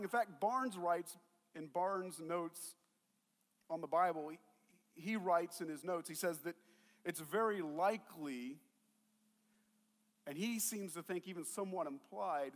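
A man preaching with a high, light voice that carries a long reverb through a large hall. He talks casually and animatedly, slipping into the voices of the people in the story as he tells it. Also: fairly bright tone. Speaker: pastor. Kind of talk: sermon.

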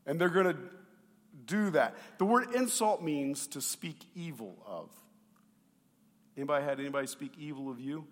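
At normal speed and with a fairly high-pitched voice, a man delivers a sermon as pastor. His style is animated and conversational, moving between loud, emphatic moments and quiet asides while he questions the congregation, all under long hall reverb.

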